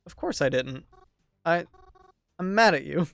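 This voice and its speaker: A voice actor voicing a lonely, hurt young woman who narrates her day softly in a visual novel dub. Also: medium pitch, expressive, unhurried, vocal fry, dry recording, soft background music. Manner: soft, quiet, subdued narration.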